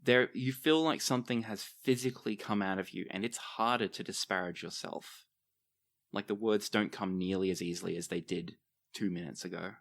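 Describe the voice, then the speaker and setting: A man acting as game master, narrating a tabletop game in a descriptive, expressive way. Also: on the low side, normal speed, vocal fry.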